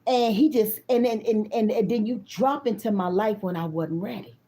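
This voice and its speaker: A woman in her fifties tells a story in a loose, casual way. Her voice is mellow and dark. She talks bluntly, swears freely and turns to her viewers as if they were close friends. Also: medium pitch, moderate pace. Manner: blunt, profane, animated, talks straight to the viewers. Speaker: tarot reader.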